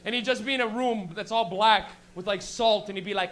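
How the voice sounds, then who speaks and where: A man with a high voice works a small comedy room. His stand-up is loose and full of swearing, and he jumps into little acted-out bits. He grew up in Canada. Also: fast, few pauses. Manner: loose, profane, animated storytelling with acted-out bits.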